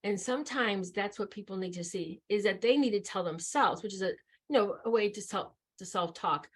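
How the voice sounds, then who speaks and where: A woman trainer talks through her session in an easy, conversational way. She restarts sentences often and leans on filler words. Her voice sits at an ordinary middle pitch. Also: brisk, breathy edge.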